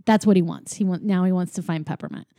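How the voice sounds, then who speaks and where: Rambling sarcastic woman, dark dry voice. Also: fairly low pitch, quick pace, no room sound. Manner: rambling, sarcastic, many fillers. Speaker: podcast co-host. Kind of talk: casual chat recapping a movie.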